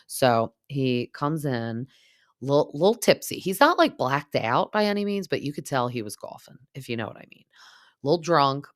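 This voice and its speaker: A woman's voice: a bass voice, animated, brisk, dry recording, clean studio sound. Chatty, gossipy woman podcast host. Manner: chatty, gossipy, heavy use of "like". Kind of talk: casual reality TV recap.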